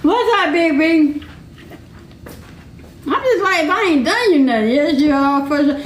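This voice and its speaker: Blunt high-voiced woman in her fifties. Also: lively intonation, measured pace, a little hiss or hum. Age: 50s. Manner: blunt, emphatic, laughs often. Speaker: podcast co-host. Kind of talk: casual chat. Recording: echoey room.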